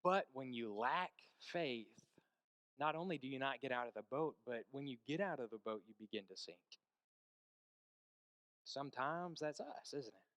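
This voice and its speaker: A man preaching a sermon, telling a story with hushed stretches and emphatic peaks and asking the congregation questions. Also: mid-range voice, lively intonation, normal speed, clean tone, dry recording.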